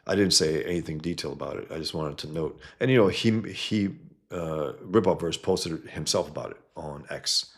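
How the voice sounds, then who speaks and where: A man's voice: very deep voice, normal speed. A man hosting a casual livestream, reading chat comments and rambling bluntly, often trailing off mid-sentence.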